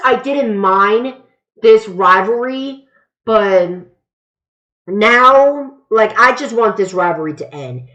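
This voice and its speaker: Slow, rambling woman reviewer. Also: medium pitch, a bit bright. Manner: rambling, restarts, stumbles over words; emphatic and opinionated. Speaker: wrestling reviewer. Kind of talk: casual spoken review. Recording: slightly dull lo-fi sound.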